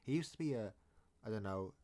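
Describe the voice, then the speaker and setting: A man's voice: fairly low pitch, lively intonation, fairly quick, dark tone. A man telling a story in a casual, rambling, jokey way, often restarting his sentences. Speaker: storytime vlogger.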